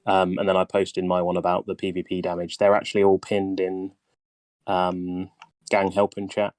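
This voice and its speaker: A man's voice: low voice, monotone, moderate pace, a little mellow, no room sound. A man hosting a casual voice-chat guide session, talking hesitantly with many ums, his voice tiring. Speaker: game guide host.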